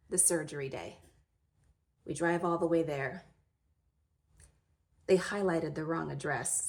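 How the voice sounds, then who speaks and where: Her voice sits on the low side but sounds pushed and bright as this thirty-something vlogger recounts her story. The telling is frank and emotional, and she swears mildly.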